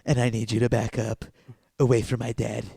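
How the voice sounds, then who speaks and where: A man doing an impression of a pompous, self-important wrestling champion, slow and haughty. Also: mid-range voice, flat delivery, gravelly, warm tone, husky, no echo, clean studio sound.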